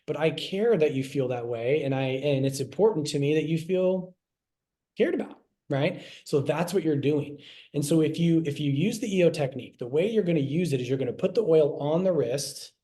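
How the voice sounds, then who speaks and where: A man's voice: on the high side, expressive, normal speed, dark tone. A middle-aged man giving a casual class, talking conversationally, repeating himself and acting out little quoted lines. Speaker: health class presenter. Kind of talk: casual teaching talk.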